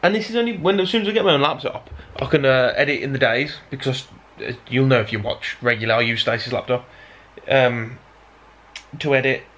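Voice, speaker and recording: Black Country man, casual vlogger, rambling and self-deprecating, mid-pitched everyday voice. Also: a little fast, a bit bright. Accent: Black Country (Dudley). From Black Country, England. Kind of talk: casual vlog chat to camera.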